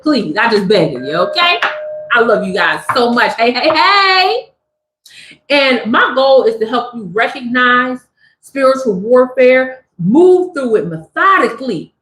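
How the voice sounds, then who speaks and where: High-voiced woman giving an animated tarot reading. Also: echoey room, rough recording. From Southern California. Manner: animated, affirming, talks straight to viewers. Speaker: tarot reader.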